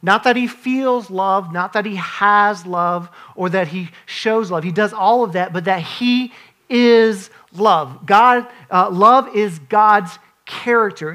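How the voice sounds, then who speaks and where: A man's voice: high voice, sharp tone. A man in his forties, a pastor, preaching an earnest, conversational sermon with frequent restarts and asides.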